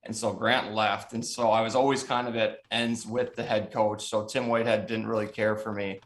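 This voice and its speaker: A man's voice: on the low side, little pitch movement, moderate pace. A man in his thirties from the Chicago suburbs, a former hockey goalie, telling stories in a casual, profane podcast chat and laughing often. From Chicago south suburbs, USA.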